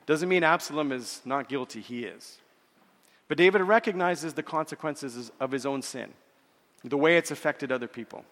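A man preaching earnestly, with a slightly high pitch, repeating words as he goes and slowing down for scripture quotes. His voice carries a long reverb, as from a church hall. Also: a bit bright. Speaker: pastor. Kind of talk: sermon.

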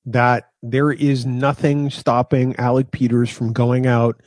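A man co-hosting a fan podcast, measured and plain-spoken, moving between chat and sponsor notes. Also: medium pitch, little pitch movement, a little mellow, no echo. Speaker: podcast co-host. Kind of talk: casual chat.

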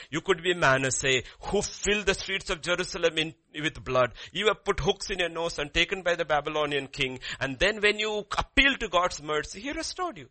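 Male pastor, sermon; bright forceful tone, slightly high, animated swings between loud and hushed. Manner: animated preaching with sudden pitch jumps and quiet drops.

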